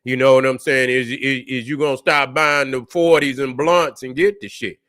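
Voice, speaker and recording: A man's voice: mid-range voice, fairly even intonation, normal speed, fairly bright tone. A man hosting a casual reaction vlog, telling a rambling, profane story straight to his viewers. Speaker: channel host.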